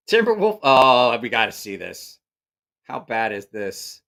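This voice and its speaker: A man's voice: medium pitch, very animated, slow, creaky, fairly bright tone. Profane, incredulous man hosting a live stream. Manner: incredulous, profane, mocking rants with laughter. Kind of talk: casual live-stream commentary.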